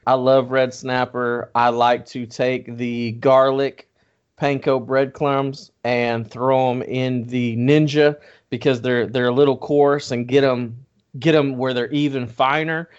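A man's voice: medium pitch, a little slow, clean tone, lo-fi sound. A man co-hosting a casual chat, explaining things easily and step by step. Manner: relaxed, easygoing, explains step by step.

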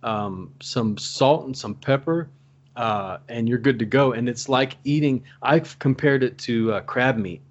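Man, animated casual chat, laughs a lot, slightly dull recording. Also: mid-range voice, unhurried. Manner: animated storyteller, laughs often.

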